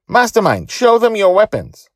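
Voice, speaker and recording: A man putting on a shy little pirate girl, high and raised. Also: wildly swooping pitch, normal speed, fairly bright tone, no echo, studio quality, exaggerated voice. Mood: proud. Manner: timid then proud. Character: shy eight-year-old pirate girl.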